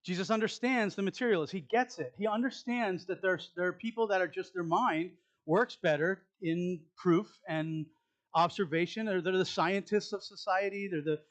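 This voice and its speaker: Man, pastor, conversational sermon, animated, quiet asides, fairly high voice. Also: lo-fi sound. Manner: animated, asks the congregation questions, drops to soft asides. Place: church sanctuary.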